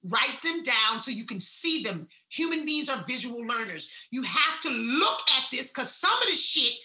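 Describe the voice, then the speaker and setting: A woman giving a blunt, salty motivational talk, swinging between loud emphasis and hushed asides. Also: high-pitched, expressive, normal speed, roomy sound. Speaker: wellness speaker.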